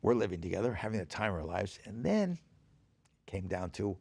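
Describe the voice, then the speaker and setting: Older male guest, gravelly, lively pitch, rambling studio storyteller. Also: fairly quick, dry recording. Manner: rambling anecdotes with acted-out dialogue. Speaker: podcast guest. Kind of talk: casual storytelling chat. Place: podcast studio.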